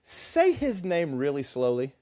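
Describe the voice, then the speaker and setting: Animated, teasing man, lively pitch. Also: a little slow. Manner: animated, laughs often, teasing. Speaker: podcast co-host. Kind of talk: casual book chat.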